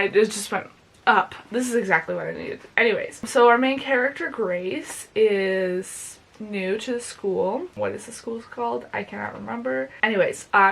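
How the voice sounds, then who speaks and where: A woman's voice: medium pitch, vocal fry, fairly bright tone. A young woman talking casually in a home reading vlog, gushing about a book and swearing freely. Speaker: book vlogger. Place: home bedroom.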